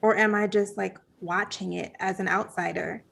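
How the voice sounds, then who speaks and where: Animated woman with a gravelly edge. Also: mid-range voice, moderate pace. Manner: animated, many fillers, acts out her own past thoughts. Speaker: podcast guest. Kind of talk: casual storytelling.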